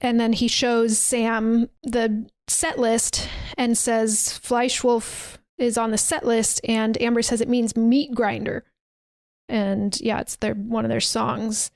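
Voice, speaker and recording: A woman's voice: on the high side, little pitch movement, slow pace, vocal fry, darkish tone, no room sound. A woman podcast host casually retelling a movie's scenes, acting out quoted lines with plenty of swearing. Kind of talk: casual chat.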